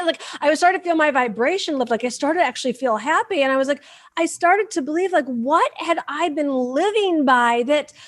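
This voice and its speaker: A high-voiced woman from Michigan, talking as a guest on a conversational show. She tells her story with lively energy and slips in and out of little acted voices and quotes. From Michigan, USA. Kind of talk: animated personal storytelling.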